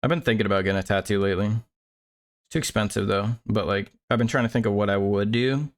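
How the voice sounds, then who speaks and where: A man's voice: lowish voice, steady tone, fast talker. A man streaming while he draws, chatting casually, rambling and chuckling as he searches for words. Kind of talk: casual chat while drawing.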